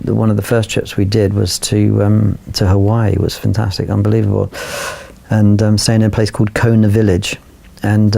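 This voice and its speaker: A man's voice: fairly low pitch, gravelly, warm tone. An older man from London, a photographer telling a long anecdote with rambling fillers and restarts. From London, England. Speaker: photographer guest. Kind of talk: anecdotal storytelling.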